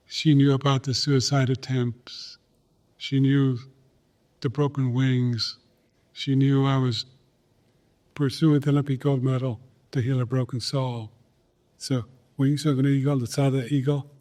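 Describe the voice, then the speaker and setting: An older man telling a personal story in an interview, slow and earnest, repeating phrases for emphasis. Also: mid-range voice, dark tone. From Pine Ridge Reservation, South Dakota, USA. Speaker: guest, Olympic champion. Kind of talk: reflective storytelling in a podcast interview.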